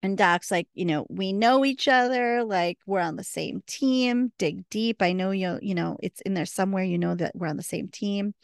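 A woman's voice: medium pitch, vocal fry, no room sound, clean studio sound. A woman co-hosting a podcast, chatting casually and recounting scenes with quoted dialogue. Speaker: podcast co-host. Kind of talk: casual recap chat.

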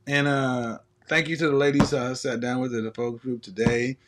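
A man's voice: medium pitch, little pitch movement, moderate pace, background noise. A man hosting a live stream, ranting in a casual comedic way, profane and laughing often.

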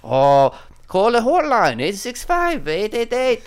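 A man's voice: high-pitched, very animated, slow, clear, resonant tone. A man hosting a comedy podcast, talking in a crude, profane and boastful way. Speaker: podcast host. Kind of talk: casual comedy podcast chat.

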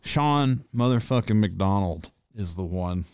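Profane storytelling man, smooth low voice. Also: animated, takes it slowly, a little mellow, no room sound, clean studio sound. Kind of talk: casual storytelling.

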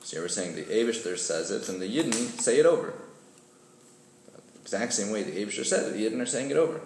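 Low gravelly dude laying out a point in a study group, kinda unsure, echoey room. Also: male voice, expressive, quick pace. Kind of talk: group text study discussion. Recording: echoey room with background noise.

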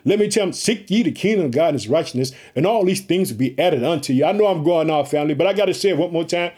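Fast and slightly rough, his voice on the high side, this preacher delivers a fired-up, energetic sermon. He keeps calling out to the congregation and repeating his catchphrases.

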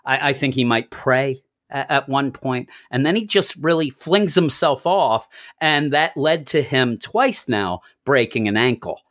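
A man's voice: medium pitch, animated, unhurried, few pauses, a bit bright. A middle-aged man co-hosting a podcast in casual chat, telling long rambling stories and chuckling as he goes. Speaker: podcast co-host.

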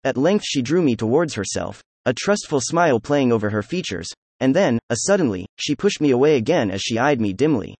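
A man narrating a novel chapter as an audiobook, in a steady, even-paced read. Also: medium pitch, fairly quick, few pauses, husky, dry recording. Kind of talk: scripted narration.

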